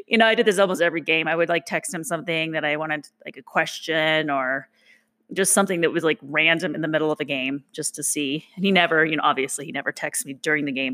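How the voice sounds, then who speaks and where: A middle-aged woman telling a personal story in a casual, animated way, jumping up high when she acts out quotes. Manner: animated, acts out quotes with big pitch jumps.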